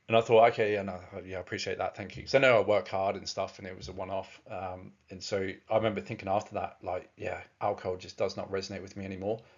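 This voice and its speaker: A man's voice: low-pitched, vocal fry, dull audio. A man telling a long personal story in a casual, rambling way, with many fillers and restarts. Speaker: presenter.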